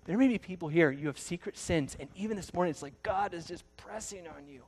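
A pastor delivering a sermon with a slightly higher-than-average voice. He tells the story dramatically, jumping from loud, fast bursts to hushed, slow words.

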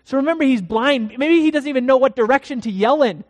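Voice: high voice, fast. Preacher in a long-reverb hall. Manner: dramatic, swings from hushed to loud. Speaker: pastor. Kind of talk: sermon.

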